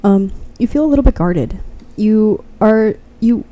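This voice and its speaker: A woman's voice: mid-range voice, expressive, unhurried, mellow. A woman giving a pick-a-card tarot reading straight to the viewer. She is blunt and fervent, swears freely, and keeps encouraging the listener.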